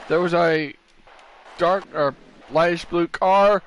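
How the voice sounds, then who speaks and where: A man's voice: fairly high pitch, steady tone, slow pace, fairly bright tone, slight background noise. Tired man calling a sim race. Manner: casual, rambling, stops to correct himself. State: tired, yawning. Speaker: race commentator. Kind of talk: sim racing commentary on a stream.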